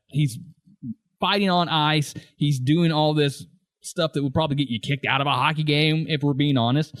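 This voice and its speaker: Guy cohosting a podcast, voice a bit high, keeps cracking up and doing the lines from scenes. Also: no room sound, studio quality. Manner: laughs often while retelling scenes; acts out quoted lines in raised voices. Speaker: podcast co-host. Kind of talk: casual podcast chat about a TV show.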